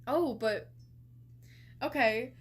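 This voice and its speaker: A woman's voice: a little high, extremely slow, slightly rough. A young woman streaming live, chatting casually with lots of fillers and incredulous reactions.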